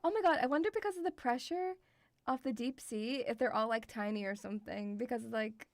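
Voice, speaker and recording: A woman's voice: a little high, fairly quick, no room sound. A young woman chatting on a stream, rambling with lots of fillers and swearing. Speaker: VTuber streamer. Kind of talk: casual stream chat.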